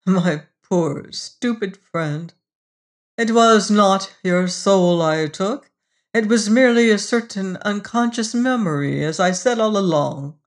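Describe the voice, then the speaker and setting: Fields: figure: a petulant, fussy devil voiced by a narrator. Pace: unhurried. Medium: storybook. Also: mid-range voice. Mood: pettish, sly. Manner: fussy and pettish, then mocking. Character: petulant scheming devil with talons. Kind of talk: audiobook reading.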